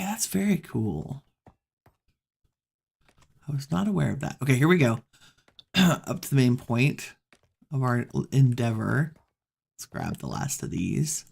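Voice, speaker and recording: Slow, gravelly-voiced woman musing over gameplay. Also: low voice, a little mellow. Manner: musing, talks to herself while playing. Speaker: gameplay streamer. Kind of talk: relaxed gameplay commentary.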